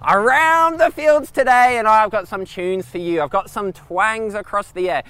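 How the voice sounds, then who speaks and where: A man's voice: high voice, moderate pace, clean tone, dry recording, pitched above the performer's own voice. A man putting on a brash, cliché-spouting country radio DJ with an overblown Australian accent. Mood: hammy, rowdy. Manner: overblown, shouty announcer patter.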